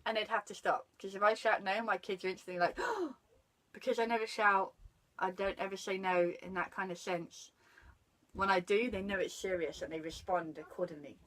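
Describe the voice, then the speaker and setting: A woman's voice: mid-range voice, fairly even intonation, moderate pace, fairly bright tone, low-quality recording. A woman, chatting animatedly about parenting and breaking off to greet passers-by. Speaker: parenting guest. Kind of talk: casual chat about parenting.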